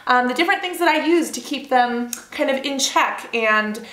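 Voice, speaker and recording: A beauty vlogger in her twenties, with a high, animated, slightly bright voice at a moderate pace, chats casually through her hair products. Her style is bubbly and rambling, full of fillers and asides, recorded in a roomy, echoey home room.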